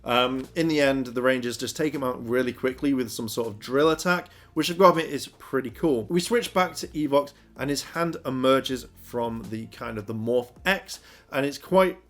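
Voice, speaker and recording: A man's voice: medium pitch, moderate pace. A man giving a casual, rambling recap of a TV episode, full of fillers like "kind of" and "you know". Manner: rambling, filler-heavy retelling. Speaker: TV episode reviewer.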